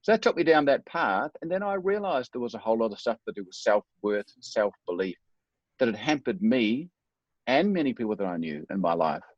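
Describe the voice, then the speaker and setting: A man's voice: mid-range voice, big pitch swings, fairly quick, no room sound, highs cut off. A middle-aged man speaking as a guest, telling his life story in an earnest, reflective, self-deprecating way. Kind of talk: personal storytelling in a talk.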